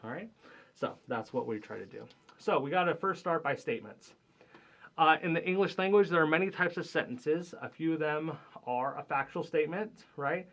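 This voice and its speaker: A young man teaches a logic lesson in a loose, chatty style, often checking in with his listeners. His voice sits a little on the high side for a man, and at times he drifts away from the camera mic. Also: expressive, moderate pace, a bit bright. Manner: conversational, many fillers and checks like "right?". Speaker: math instructor. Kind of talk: recorded classroom lecture.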